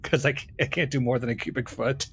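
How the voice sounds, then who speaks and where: A man's voice: medium pitch, fairly even intonation, fast, a bit bright, a little hiss or hum. A man player at a tabletop game, talking in a hesitant, easygoing way. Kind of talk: casual tabletop gaming chat.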